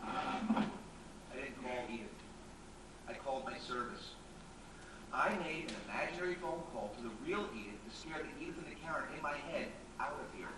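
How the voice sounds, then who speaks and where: An actor on a theatre stage playing an anxious, rambling, self-mocking middle-aged writer, recorded from far off in an echoey, noisy hall. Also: male voice, medium pitch, expressive, moderate pace, pauses often, natural voice. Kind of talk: live stage acting. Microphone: distant room mic.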